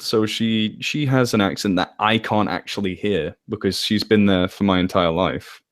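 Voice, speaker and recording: A man with a northwest English accent, a guest chatting casually in an interview, rambling a little and correcting himself as he goes. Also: lowish voice. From England. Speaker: interview guest, story narrator. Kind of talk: casual chat.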